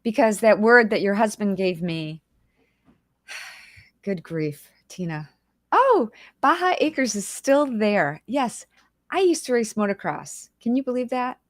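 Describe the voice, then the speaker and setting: A woman's voice: fairly high pitch, very animated, a little slow, no room sound, clean studio sound. A woman hosting a casual livestream, chatty and emotional, greeting viewers by name and holding back tears. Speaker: livestream host.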